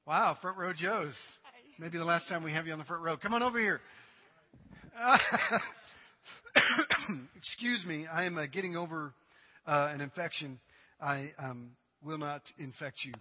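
A male pastor preaching a sermon to his congregation, dramatic and humorous, swinging from loud cries to quiet asides. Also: on the high side, a little slow, long pauses. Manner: humorous, addresses the congregation directly. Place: church sanctuary. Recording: dull recording with long hall reverb.

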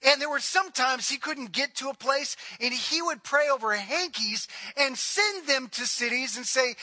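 Man preaching, very high bright voice, animated and chatty, dry close sound. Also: normal speed, few pauses, dry recording. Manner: animated preaching, conversational asides. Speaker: pastor. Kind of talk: sermon.

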